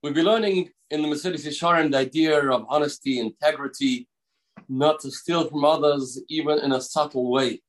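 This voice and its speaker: A man giving a daily Torah lesson as a rabbi, earnest and emphatic, slowing down to stress key words. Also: fairly high pitch. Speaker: rabbi teaching a daily class. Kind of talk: recorded Torah lecture.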